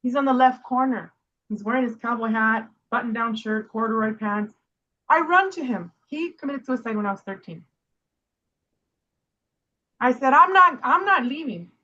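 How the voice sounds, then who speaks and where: A woman with a fairly high voice hosts a casual chat over a video call. She tells her story in an animated way and speeds up whenever she quotes herself. The sound is dull and lo-fi. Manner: animated storytelling, quick bursts when quoting herself. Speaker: host.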